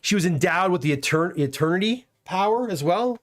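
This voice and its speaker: A middle-aged man hosts a relaxed movie review chat. His voice sits a touch high, and he rambles, repeats himself and stops to search for words. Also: a little fast. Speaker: host.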